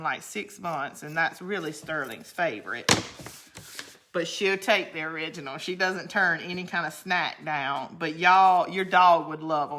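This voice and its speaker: Bright-voiced chatty woman. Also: fairly low pitch, slight background noise. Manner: chatty and rambling, laughs often, drops to a quiet count under her breath. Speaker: crafting channel host. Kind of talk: casual chat while crafting.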